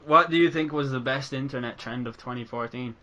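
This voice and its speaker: A man's voice: mid-range voice, brisk, pushed and bright, muffled recording. A young man hosting a casual group podcast, joking and swearing freely with friends. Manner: laughing, swearing banter. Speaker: podcast host.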